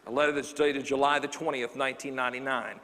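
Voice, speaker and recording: A man's voice: medium pitch, fast talker. A man giving a motivational keynote speech, telling a story on stage and acting out the people in it. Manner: animated, acts out the people in his stories. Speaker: motivational speaker. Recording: long reverb of a large hall.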